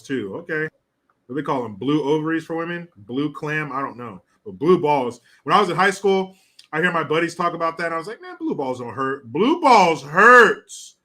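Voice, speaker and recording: A man's voice: fairly high pitch, fairly bright tone. A man ranting in a crude, sarcastic commentary vlog, often laughing at his own jokes. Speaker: online commentator.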